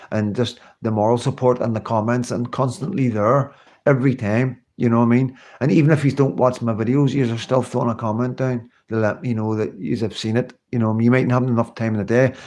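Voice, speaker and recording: A man's voice: mid-range voice, a little mellow. A man talks straight to his viewers on a live stream in an unscripted, rambling way, circling back over the same points. He sounds earnest, swears casually, and breaks off to answer their comments. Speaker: livestream host.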